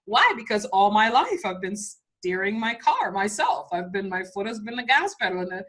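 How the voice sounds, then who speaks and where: A middle-aged woman, a spiritual teacher, telling a story in a casual, animated way, laughing often and acting out other voices. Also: medium pitch, normal speed.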